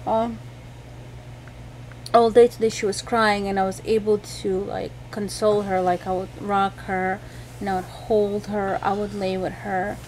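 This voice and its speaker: At home at night, a weary, unwell mother who vlogs talks to her audience about her sick baby in a chatty, meandering way. She has a mid-range, slightly mellow voice with little pitch movement and a slightly slow pace; the low-quality audio carries a little hiss or hum.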